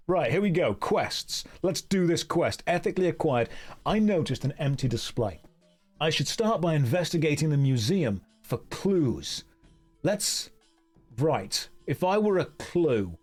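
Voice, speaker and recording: A male game streamer talking casually in wry, rambling runs, dropping quick jokey asides as he plays. His voice sits a touch high for a man. Its pitch moves in a lively, animated way. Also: faint music behind. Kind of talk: casual live-stream commentary.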